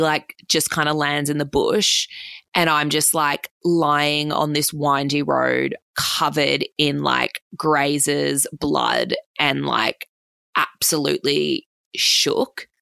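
A woman's voice: low voice, steady tone, vocal fry, bright, forceful tone, clean tone, dry recording. A woman in her twenties with an Australian accent tells a long story casually, swearing freely and stringing thoughts together with "like". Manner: swears freely, fast run-on anecdote full of "like".

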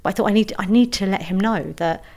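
A woman's voice: medium pitch, fast, darkish tone. A woman, an author telling a story in a casual interview, chatty and self-deprecating with many restarts. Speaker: author guest.

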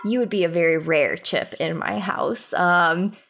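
A woman's voice: lowish voice, a little slow, creaky, fairly bright tone, a little hiss or hum. A woman co-hosting a podcast in casual chat, gushing and enthusiastic, rambling with fillers. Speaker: podcast co-host.

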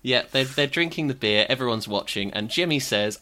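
A man's voice: mid-range voice, animated, a little fast, pushed and bright. A man from Norfolk, co-hosting a casual film-review podcast with a wry, dry recapping manner. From Norfolk, England. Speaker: podcast co-host.

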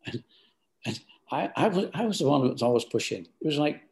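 Older man with a gravelly voice. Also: on the high side, lively intonation, fairly quick, a little mellow. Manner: rambling, hesitant, many restarts. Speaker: business founder. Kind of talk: storytelling interview answers.

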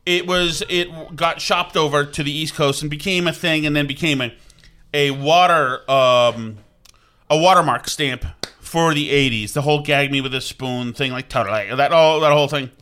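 A middle-aged man talks in a loose, rambling chat, circling back on himself with restarts and asides. His voice sits a touch high for a man and rings bright and forward. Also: steady tone, moderate pace, smooth. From Vermont. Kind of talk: casual chat.

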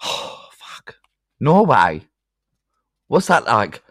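Flustered, sweary podcast host. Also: male voice, medium pitch, sing-song, normal speed, fairly bright tone, no echo, studio quality. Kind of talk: casual chat.

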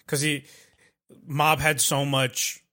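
Bright-voiced man, slightly higher pitch. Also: flat delivery, takes it slowly. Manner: frequent agreeing murmurs, loose profane talk. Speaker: podcast co-host. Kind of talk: casual chat.

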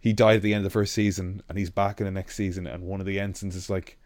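A man co-hosting a podcast in casual chat, animated and sweary as he rants. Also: low-pitched, fast, dry recording, studio quality. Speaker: podcast co-host.

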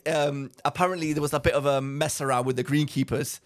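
A man's voice: fairly high pitch, fairly even intonation, quick pace. Rambling man telling a story. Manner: rambling storyteller, acts out quotes, laughs often. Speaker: podcast co-host. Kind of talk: casual chat.

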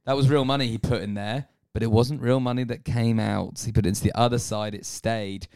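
A man's voice: medium pitch, fairly even intonation, fairly quick, darkish tone, clear, resonant tone. A man co-hosting a casual podcast chat, with dry, teasing humor, speaking into a handheld mic while on his bed at home. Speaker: podcast co-host.

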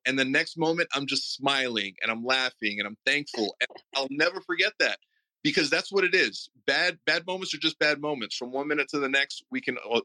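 Earnest guy hosting a support group, super bright voice, keeps stumbling over his words. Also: medium pitch, poor audio. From Puerto Rico. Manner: earnest, stammering, repeats words. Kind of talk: heartfelt tribute talk. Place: online audio room.

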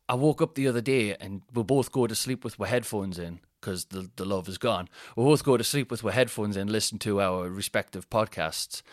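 A man's voice: lowish voice, no echo. Chatty man, dry studio sound. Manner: chatty, self-deprecating, animated impressions. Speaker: podcast host. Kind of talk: casual comedic monologue.

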